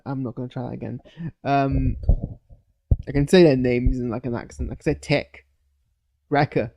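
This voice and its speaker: A man giving a loose, hesitant live reaction to a TV episode, full of fillers and restarts, with sudden bursts of excitement. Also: medium pitch, a little fast, gravelly. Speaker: video reviewer. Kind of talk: live post-watch reaction.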